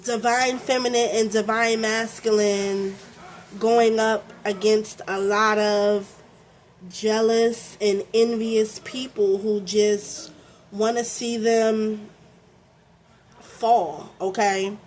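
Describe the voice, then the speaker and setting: A woman's voice: mid-range voice, level tone, takes it slowly, a little mellow, slight background noise. A young adult woman from Baltimore with a Baltimore accent, doing a casual tarot reading. She talks with lots of fillers, keeps checking in with "okay?", and swears freely. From Baltimore, USA. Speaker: tarot reader.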